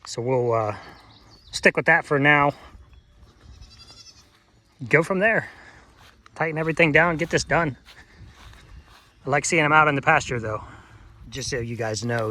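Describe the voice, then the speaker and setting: Guy with a slightly high, bright voice, sing-songy baby talk to his goats outdoors, faint animal noise behind. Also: measured pace, long pauses. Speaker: farmer and vlog host. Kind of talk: casual vlog talk to animals. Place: outdoor farm pasture by a gate.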